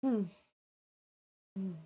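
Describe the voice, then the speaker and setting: A woman streamer in casual livestream chat, playful, crude and quick to swear at her chat. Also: mellow.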